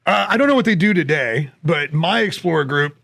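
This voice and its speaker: Animated and fairly quick, a middle-aged podcast co-host talks in a slightly high, somewhat bright voice with vocal fry. He rambles through the casual chat with many fillers and dry jokes.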